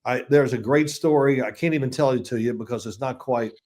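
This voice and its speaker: An older man in his sixties, guesting on a sports interview, speaks at an ordinary middle pitch. He tells loose, rambling anecdotes, doubling back on words and chuckling as he goes. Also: fairly quick, darkish tone. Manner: chatty, rambling anecdotes with frequent restarts and chuckles. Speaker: football analyst, interview guest. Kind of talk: casual interview storytelling.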